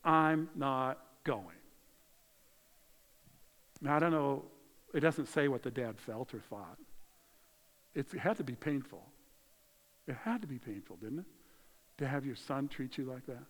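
Conversational preacher in a reverberant hall. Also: male voice, medium pitch, animated, normal speed, pauses often. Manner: conversational, swinging from loud to hushed. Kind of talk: sermon.

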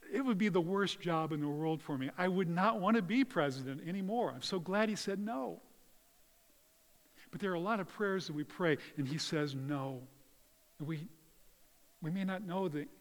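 Guy preaching, kinda high voice, earnest, goes soft then loud, long echo from the hall. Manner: earnest, varies between hushed and loud emphasis. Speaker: pastor. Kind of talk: sermon.

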